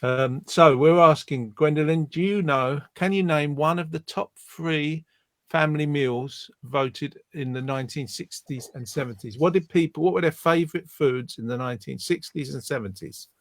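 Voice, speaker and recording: A man's voice: a little high, moderate pace, a bit bright, no room sound. A man from the UK hosting a casual chat show, jokey and rambling. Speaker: host.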